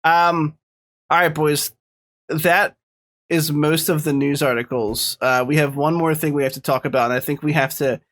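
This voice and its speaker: A man's voice: fairly high pitch, steady tone, normal speed, fairly bright tone. A man co-hosting a casual podcast, rambling and laughing often. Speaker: podcast co-host.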